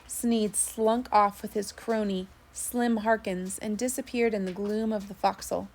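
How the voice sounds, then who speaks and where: A woman narrating a first-person sea story, steady with small slips. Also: medium pitch, moderate pace, slight background noise. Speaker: audiobook narrator.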